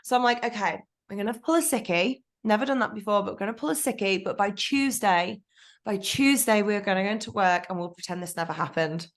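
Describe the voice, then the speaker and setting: A woman's voice: mid-range voice, brisk. Woman telling her story frankly. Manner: frank, animated storytelling with self-talk asides. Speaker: podcast guest. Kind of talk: candid storytelling interview.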